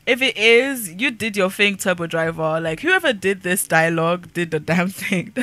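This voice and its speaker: A woman's voice: on the low side, expressive, normal speed, a bit bright, no room sound. A young woman giving casual, chatty let's-play commentary as a gaming YouTuber, laughing often as she narrates her characters.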